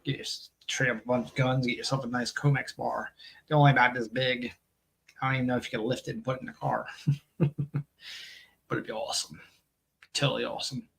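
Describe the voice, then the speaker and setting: A man with a gravelly, bright voice hosts a live stream in a loose, rambling way. He jokes around, laughs often and reads viewer comments aloud. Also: medium pitch, flat delivery, brisk, long pauses. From United States. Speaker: host of a live coin stream. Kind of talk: casual live-stream chat.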